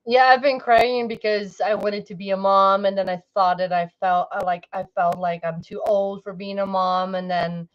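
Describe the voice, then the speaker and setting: A woman's voice: medium pitch, little pitch movement, moderate pace, hardly any pauses, lo-fi sound. A woman livestreamer chatting casually, rambling and cutting herself off, with frequent laughs. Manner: rambling, self-interrupting, laughs often.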